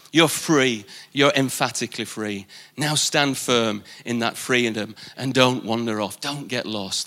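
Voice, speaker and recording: Man, pastor, bright voice, emphatic live sermon, repeats key lines. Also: medium pitch. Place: church service.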